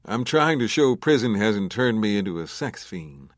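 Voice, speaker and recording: A man's voice: fairly low pitch, big pitch swings, moderate pace, dry recording. A man playing an easygoing, confident ex-convict bank robber with a dry humor in a crime audiobook.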